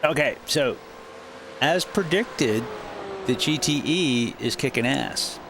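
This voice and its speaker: A man streams a racing game and chats with his viewers in a relaxed, rambling way, often restarting his sentences. His voice has a gravelly edge. A clear noise runs under the recording. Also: medium pitch, slow. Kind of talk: casual streaming chat.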